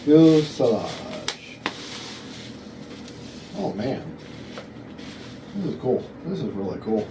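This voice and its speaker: A man's voice: fairly low pitch, sing-song, measured pace, long pauses, background noise. A man hosting a hobby video, casually thinking aloud and correcting himself as he unboxes, often calling things cool.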